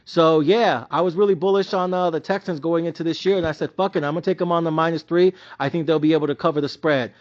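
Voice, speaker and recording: Profane, high-voiced man ranting about bets. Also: fast talker, few pauses, muffled recording. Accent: Mexican-American English with Spanish interjections. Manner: profane, animated ranting, yells at times. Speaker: sports betting vlogger. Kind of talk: casual ranting commentary.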